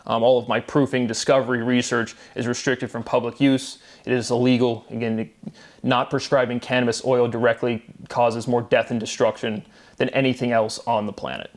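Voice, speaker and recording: A man's voice: mid-range voice, flat delivery, normal speed. A man in a solo video monologue, rambling and repeating himself, agitated and swearing often. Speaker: vlogger.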